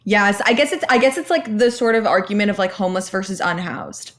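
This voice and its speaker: A woman's voice: mid-range voice, expressive, a little fast. A young woman co-hosting a podcast, chatting casually and chiming in with wry, skeptical remarks. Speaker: podcast co-host. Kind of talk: casual chat.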